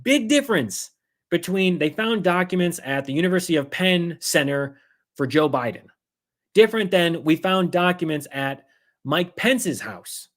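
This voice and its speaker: Guy with a high voice doing a heated sarcastic political rant on a stream. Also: lively intonation, a bit bright. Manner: fast, heated and sarcastic, acting out others in mocking voices. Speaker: political commentary host. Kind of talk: livestream political commentary.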